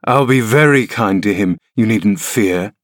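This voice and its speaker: A man's voice: lowish voice, measured pace, no room sound, clean studio sound, close to an everyday voice. A man doing a grim, sneering middle-aged man. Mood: cold. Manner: mocking, contemptuous delivery.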